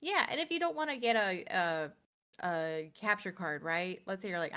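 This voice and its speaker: Brief: female co-host, mid-pitched, relaxed live-stream banter with game news reads. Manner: reads release blurbs, then chats with quick laughs. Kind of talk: casual live-stream chat.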